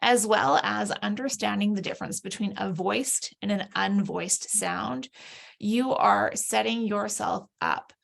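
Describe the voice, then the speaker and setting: A woman's voice: mid-range voice, unhurried, creaky. A woman speaking in an interview as a literacy educator, explaining things thoughtfully. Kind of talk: interview conversation.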